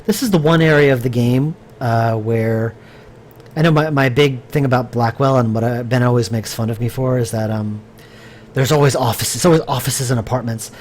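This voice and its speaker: A game developer streams his work, thinking aloud in a mid-range, slightly mellow voice with fairly even intonation and a moderate pace. Amid slight background noise, he rambles casually with fillers and restarts while answering viewer chat.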